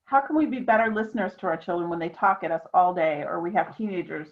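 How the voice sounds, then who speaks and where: A woman's voice: fairly low pitch, fast. Woman host asking questions, muffled lo-fi video call sound. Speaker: interviewer. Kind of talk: interview questions.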